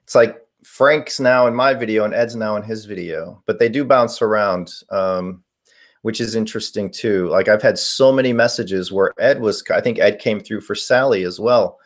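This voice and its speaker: A man's voice: lowish voice, moderate pace. A man in his forties hosting a casual live stream, answering viewer questions in a rambling way with many fillers. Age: 40s. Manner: rambling, reading chat questions aloud with fillers. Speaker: paranormal live-stream host.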